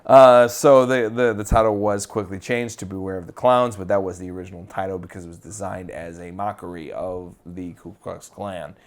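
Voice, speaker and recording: A man's voice: deep voice, fairly even intonation, moderate pace, few pauses. A man co-hosting a podcast, talking casually and rambling, with frequent fillers, restarts and the odd swear word. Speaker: podcast co-host.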